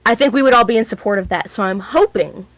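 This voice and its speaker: A woman's voice: a little high, fast talker, no echo, faint music behind. A woman playing a tabletop game, chatting playfully and giving firm opinions. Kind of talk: casual chat during a tabletop game.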